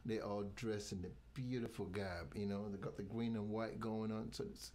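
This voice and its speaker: A man from Nigeria chatting as a guest, with a somewhat low voice. His delivery is halting and full of restarts, and he slips into promoting events. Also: fairly even intonation, a little mellow. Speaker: guest, venue owner. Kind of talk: casual interview chat.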